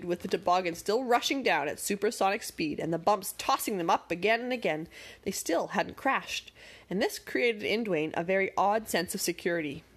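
A woman narrating a storybook with expressive, dramatic pacing. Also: mid-range voice.

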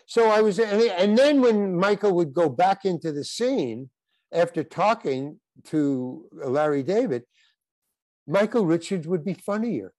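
An older man, a guest actor, tells rambling stories during a casual interview, frequently breaking off and restarting his sentences. His voice is high and darkish with lively intonation, and there's no room sound.

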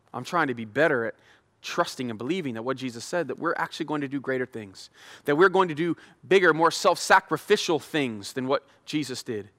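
A man preaching a casual sermon, retelling scripture in an animated, slangy, conversational way. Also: mid-range voice, long reverb tail. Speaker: pastor.

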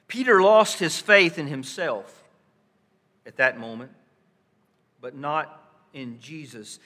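A male pastor preaching a sermon, swinging from hushed softness to loud emphasis and posing rhetorical questions to his listeners. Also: fairly high pitch, big pitch swings, takes it slowly, long pauses, long reverb tail. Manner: dramatic shifts between soft hushed lines and loud emphatic ones; asks the congregation rhetorical questions.

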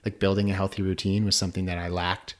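A man in his thirties co-hosting a podcast, talking in a relaxed, reflective way and often agreeing. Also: low voice, fast talker. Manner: easygoing, reflective, affirming. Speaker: podcast co-host. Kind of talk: casual podcast chat.

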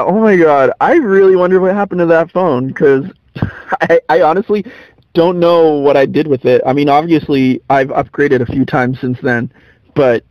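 A man's voice: fairly high pitch, no echo, lo-fi sound. A man hosting a podcast in casual chat, rambling and laughing often. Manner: giggly, rambling, frequent laughs. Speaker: podcast host.

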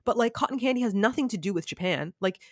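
Animated chatty woman, dry close sound. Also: mid-range voice, fast, no room sound. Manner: animated storyteller, says "like" a lot. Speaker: podcast guest. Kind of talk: casual chat.

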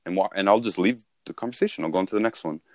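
A man's voice: low-pitched, very fast, darkish tone, dry recording, clean studio sound. A man talking casually as a sales coach, repeating and restarting himself as he explains.

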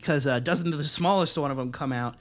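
A young man with a fairly high-pitched voice hosts a podcast, briskly telling a long story in casual chat. He's profane and animated, acting out what people said in other voices.

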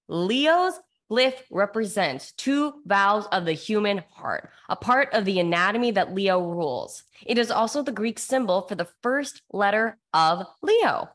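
Hyped woman podcast co-host with a lively voice. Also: mid-range voice, unhurried, few pauses. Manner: hyped, swears a lot, lively. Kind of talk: casual chat.

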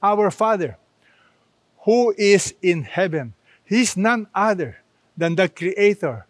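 A man preaching a sermon as pastor, slow and emphatic, asking rhetorical questions. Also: high voice, animated, dry recording.

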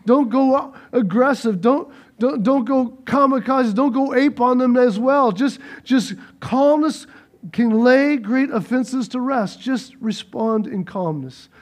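A male preacher with a very high voice delivers a sermon in an animated way. He rises to loud urging, then drops to soft, hushed lines. He repeats his phrases and calls out to the congregation. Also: slow.

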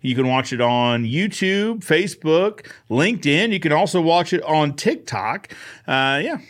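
A man's voice: a little high, lively intonation, measured pace, fairly bright tone. An upbeat man hosting a live Q&A show, chatting casually, greeting viewers by name and answering their questions. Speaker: host of a live fencing Q&A show. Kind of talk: casual live-stream chat.

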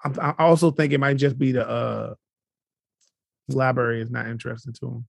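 A man's voice: medium pitch, steady tone, brisk, creaky, no echo. A man co-hosting a podcast, telling stories in a slangy, rambling way in casual chat. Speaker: podcast co-host.

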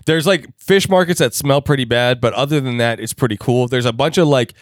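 A man's voice: medium pitch, brisk, no echo, clean studio sound. A young man co-hosting a podcast, chatting casually in a rambling, crude way full of fillers. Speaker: podcast co-host.

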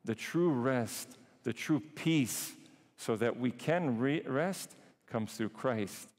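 A man preaching a sermon, emphatic, drawing some phrases out slowly and rushing others. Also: medium pitch, lively intonation, a little mellow, big-room sound. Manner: emphatic, shifts between slow and quick phrasing. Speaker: priest preaching.

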